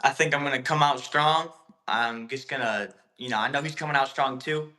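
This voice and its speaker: A man's voice: medium pitch, normal speed, bright, forceful tone. A young man, a kickboxer guest, answering interview questions briefly and confidently. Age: young adult.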